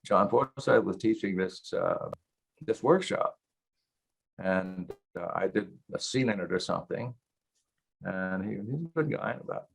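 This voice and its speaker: Old guy in his 80s spinning long wry stories, gravelly, lowish voice. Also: expressive, measured pace. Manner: rambling, anecdotal, wry; many fillers and restarts. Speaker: guest actor. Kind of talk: casual interview storytelling.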